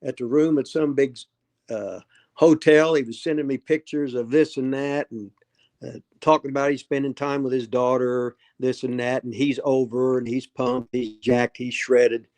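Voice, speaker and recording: A man in his seventies hosting a casual livestream, talking in a rambling, gruff way that trails off and restarts. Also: mid-range voice, level tone, moderate pace, a little mellow. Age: 70s. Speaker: host.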